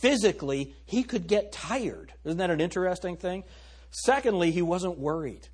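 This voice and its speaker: Pastor, middle-aged man, husky and lively, emphatic sermon with questions to the congregation. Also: high-pitched, moderate pace.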